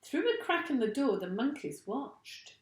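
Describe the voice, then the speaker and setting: A woman teacher reading a children's storybook aloud with expressive, deliberate delivery. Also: sits high. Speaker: primary school teacher. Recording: roomy echo.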